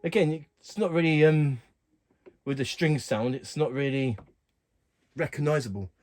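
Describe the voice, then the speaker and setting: A man with a somewhat high voice talks through a keyboard's settings in a relaxed, unhurried way, as if working through the buttons himself. Faint keyboard music plays behind his voice. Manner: relaxed, plain, talks while pressing buttons. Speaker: keyboard tutorial host. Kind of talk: casual instructional walkthrough.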